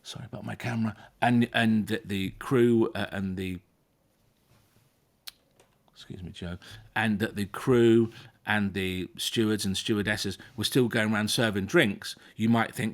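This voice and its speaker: A man with a fairly low voice explains things patiently in the calm, steady way of a therapist. He often restarts his sentences and repeats words as he goes, checking in with his listener along the way. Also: unhurried. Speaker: phobia therapist. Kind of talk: explaining to a guest in conversation.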